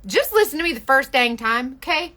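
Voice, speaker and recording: A young woman talks straight to her phone during a live makeup stream, gushing and joking with her viewers. Her voice sits a little high and rings bright and forceful, with a chatty, self-deprecating flow. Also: expressive, a little fast.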